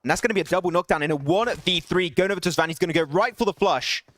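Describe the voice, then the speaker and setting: A young man calls a mobile battle royale match by himself on a live stream. He talks quickly and climbs into excited shouts at the big plays. His voice sits high. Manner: excitable, rising to shouts at big plays, laughing apologies to chat. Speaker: esports caster. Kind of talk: solo live esports play-by-play.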